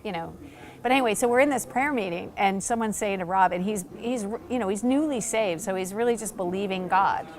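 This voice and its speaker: A woman pastor telling a story in conversation, animated and excited, acting out quoted lines, with frequent "like" fillers. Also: medium pitch, fairly quick. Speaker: pastor and church planter.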